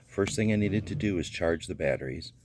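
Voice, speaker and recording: A man with a very low voice talks through a gadget setup one step at a time, in an easygoing, unscripted way. A faint hiss sits under his words. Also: a little fast. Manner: relaxed, narrates each step with small fillers. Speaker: gadget reviewer. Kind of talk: casual how-to walkthrough.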